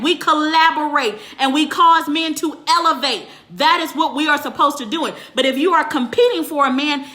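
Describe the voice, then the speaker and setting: High, bright-voiced woman ranting profanely. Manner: profane and emphatic, swears constantly; answers viewers' comments live. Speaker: relationship counselor. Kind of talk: ranting monologue to viewers.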